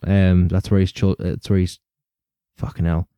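A man with a low, very dark and mellow voice hosts a casual true-crime podcast. He rambles, laughs often and swears casually. The sound is dry and close, with no room echo. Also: little pitch movement, measured pace, clear, resonant tone. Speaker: podcast host.

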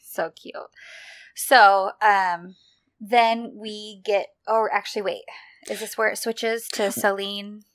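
A woman's voice: medium pitch, fairly even intonation, slow, fairly bright tone, no room sound. A woman co-hosting a casual chat, retelling scenes in a chatty, enthusiastic way. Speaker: podcast co-host. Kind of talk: casual chat recapping a TV drama.

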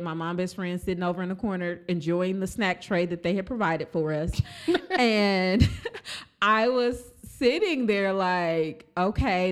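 A woman's voice: fairly low pitch, clear, resonant tone. A woman telling a family story in a casual chat, acting out the voices of the people in it and laughing often. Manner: animated, acts out quoted voices, laughs often.

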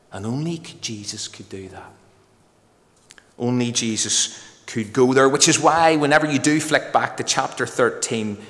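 A man preaching a sermon with emphatic delivery, slowing to drawn-out phrases for stress. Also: mid-range voice, a bit bright, in a large hall. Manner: emphatic, varied pace with slow dramatic pauses.

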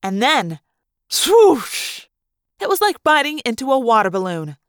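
A woman narrating a first-person novel aloud for a fan-made audiobook, in a lively, dramatic storytelling manner. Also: fairly high pitch, fairly quick, clear, resonant tone, dry recording, clean studio sound. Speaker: audiobook reader.

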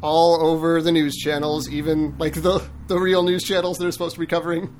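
Wry American man, slightly high voice. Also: level tone, a little fast, a little mellow, a little hiss or hum. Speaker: podcast co-host. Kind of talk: casual podcast discussion.

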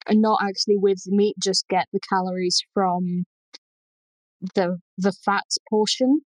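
A woman's voice: medium pitch, level tone, measured pace, dry recording, rough recording. Woman with a Lancashire accent, dry close sound. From Lancashire, England. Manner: explanatory, thoughtful, with many ums. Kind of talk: casual chat about food history.

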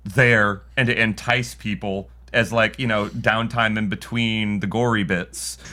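A man's voice: on the low side, steady tone, unhurried, pushed and bright. A man co-hosting a casual film podcast who thinks aloud, often restarting his sentences.

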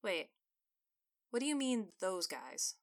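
A woman voicing an easygoing male restaurant owner who talks casually and gives staff quick orders. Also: mid-range voice, big pitch swings, vocal fry, full character voice. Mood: puzzled.

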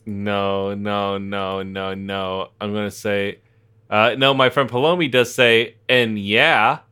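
A man co-hosting a comedy podcast in casual chat, profane and quick to laugh as he tells a story. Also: lowish voice, little pitch movement, sharp tone, clean tone. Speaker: podcast co-host.

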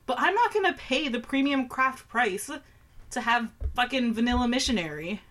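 A woman's voice: on the high side, lively intonation, moderate pace, a bit bright. A young woman co-hosting a podcast, tasting beers and reading labels aloud with blunt, sarcastic remarks and lots of swearing. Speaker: podcast co-host. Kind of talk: casual chat, beer tasting.

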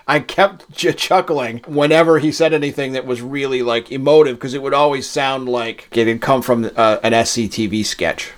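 A man's voice: medium pitch, steady tone, moderate pace, few pauses. Man from Massachusetts, podcast co-host; casual, rambling delivery with restarts. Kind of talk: casual chat.

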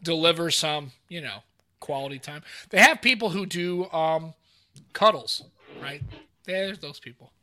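A man co-hosting a casual tech podcast, talking in an animated, rambling way and throwing in quick asides to the live chat. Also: on the high side. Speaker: podcast co-host.

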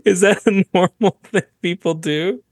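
A man co-hosting a casual comedy podcast, rambling and halting, with frequent laughs. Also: high voice, no room sound, studio quality. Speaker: podcast co-host.

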